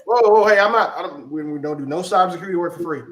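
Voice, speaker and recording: A man's voice: a little high, rapid-fire, fairly bright tone. A man on a live panel, joking and teasing the host in casual chat. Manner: teasing, jokey. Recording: echoey room with faint noise.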